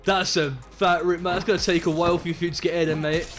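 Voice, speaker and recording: A young man from Birmingham with a Birmingham accent, chatting excitably and in slang while streaming a game. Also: fairly high pitch, moderate pace, soft background music. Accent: Birmingham English. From Birmingham, England. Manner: excitable, slangy, many hums of agreement. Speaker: live streamer. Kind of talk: casual gaming stream chat.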